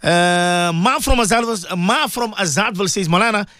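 A man's voice: sits high, moderate pace, bright, forceful tone, dry recording, studio quality. A man hosting a radio talk show as a Muslim cleric, telling a story with emotion and religious phrases.

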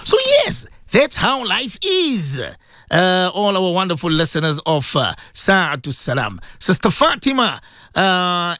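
A man hosting a live morning radio show, chatting in a warm, preachy way and often calling out to his listeners. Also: on the high side, dry recording, clean studio sound. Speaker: radio host. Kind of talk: casual live radio talk.

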